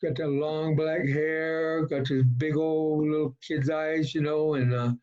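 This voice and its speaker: A middle-aged man from Colorado telling his personal recovery story at a meeting, folksy and halting, with many fillers. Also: a little high, flat delivery, darkish tone, clear, resonant tone. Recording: dull lo-fi talk recording.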